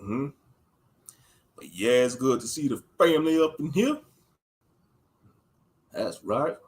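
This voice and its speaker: A man's voice: medium pitch, animated, takes it slowly. A man giving casual livestream commentary in a blunt, rambling way, repeating his phrases.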